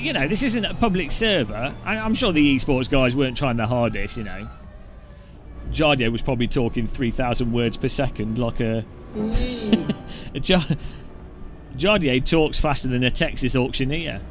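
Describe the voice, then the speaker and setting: A British man giving casual, joking commentary while sim racing, rambling into funny anecdotes. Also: mid-range voice.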